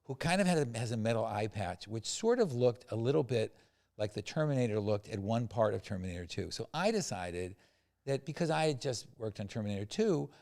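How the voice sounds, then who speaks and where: An older man, a film producer, telling animated anecdotes as a podcast guest and acting out the quotes. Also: on the low side, fairly quick, gravelly. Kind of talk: storytelling in a podcast interview.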